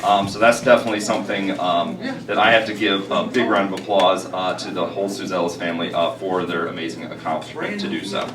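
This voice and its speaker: A man's voice: deep voice, quick pace, few pauses. A man giving an earnest talk as a guest speaker to a live audience, with many filler words. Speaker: guest speaker, health food store owner. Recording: echoey hall, far from mic, crowd behind.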